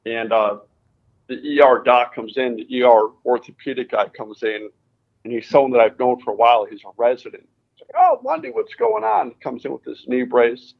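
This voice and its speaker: Speaking at a normal speed in a mid-range voice, this racing driver from Connecticut tells his story as a guest in an easygoing interview. He performs the quoted dialogue with animation. The audio sounds narrow and tinny.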